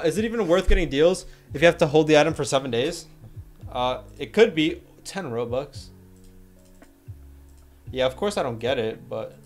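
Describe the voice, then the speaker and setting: A young man chats loosely on a livestream and reads viewer messages aloud. He jokes and talks in slang, at a medium pitch. Soft music plays faintly behind him. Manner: laid-back, joking, slangy, reads chat aloud. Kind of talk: casual livestream chat.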